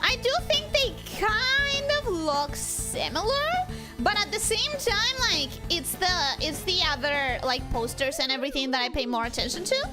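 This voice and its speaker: Very high-pitched excitable woman streamer. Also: normal speed. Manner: excitable, jumpy, repeats herself when startled; greets chat viewers by name. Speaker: streamer playing a video game. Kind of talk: live gameplay commentary. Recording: game music playing behind.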